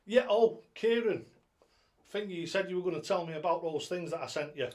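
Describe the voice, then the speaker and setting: Man, somewhat high voice, rambling casual live-stream chat, greets viewers one by one, tablet mic. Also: steady tone, racing. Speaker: live-stream host and darts coach.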